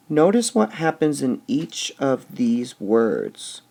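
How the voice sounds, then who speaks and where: Slow, gravelly man teaching a lesson. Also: medium pitch, very animated, mellow. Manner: slow, deliberate, stressing syllables aloud. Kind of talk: recorded lesson on poetic meter.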